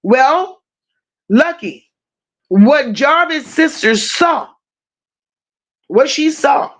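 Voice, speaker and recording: Blunt, high-pitched woman livestream host. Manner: blunt, profane, animated banter with chat. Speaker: livestream host reading chat. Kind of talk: casual true-crime livestream chat.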